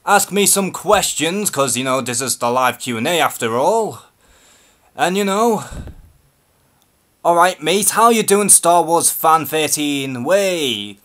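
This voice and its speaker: A man's voice: on the high side, fairly bright tone. A man from Liverpool with a Scouse accent, hosting a live-stream Q&A and speaking in a nervous, hesitant, unscripted way. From Liverpool, England. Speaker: YouTube channel host.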